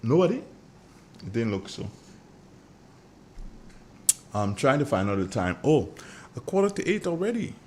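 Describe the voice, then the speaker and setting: A middle-aged man with a Grenadian accent hosting a morning radio show, chatty and joking as he sends shout-outs to listeners. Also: mid-range voice, sing-song, moderate pace, long pauses, a little hiss or hum. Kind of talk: casual morning radio chat.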